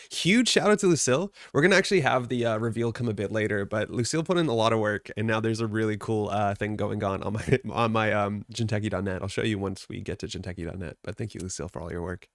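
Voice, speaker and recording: A man's voice: on the low side, quick pace, hardly any pauses, dry recording, studio quality. Chatty stuffy-nosed man streaming. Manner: chatty, rambling, greets viewers by name. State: stuffed up from allergies. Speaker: streamer hosting a card game stream. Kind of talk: casual live-stream chat.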